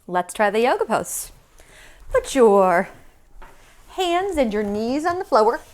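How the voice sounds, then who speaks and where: A woman's voice: a little high, very animated, slow pace, darkish tone. A young woman teaching yoga to young children in a sing-song, encouraging way. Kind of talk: leading a kids' yoga class.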